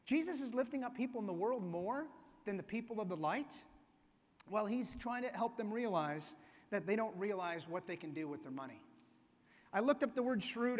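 High-voiced pastor preaching in a reverberant hall. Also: male voice. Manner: conversational, storytelling preaching. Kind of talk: sermon. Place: church sanctuary. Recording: long reverb of a church hall.

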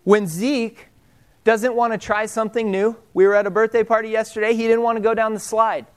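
A young man preaching with a high, clear, smooth voice. He talks to his listeners in a relaxed, conversational way, then goes quiet and slow to land the key lines. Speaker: pastor. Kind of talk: sermon.

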